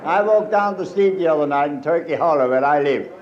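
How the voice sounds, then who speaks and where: On stage before a live audience, a stand-up comedian with a Pennsylvania Dutch accent tells folksy jokes and dry one-liners in a fairly high, slightly fast voice. This old live recording, made in a roomy hall, has dull audio, crowd noise, and hiss.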